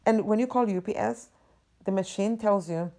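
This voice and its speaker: Woman host, mellow tone, venting hard, swears a lot, emphatic rant. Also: mid-range voice, normal speed. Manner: exasperated, profane, emphatic. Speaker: podcast host. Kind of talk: ranting monologue.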